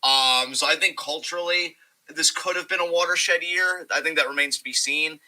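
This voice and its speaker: A man's voice: fairly high pitch, normal speed, pushed and bright, rough recording. A man co-hosting a podcast, rambling in casual talk with wry jokes and swearing. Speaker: podcast co-host.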